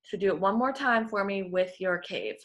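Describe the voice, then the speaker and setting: A woman's voice: mid-range voice, animated, normal speed. A woman working as a voice clinician, giving patient, encouraging step-by-step instructions in a therapy session.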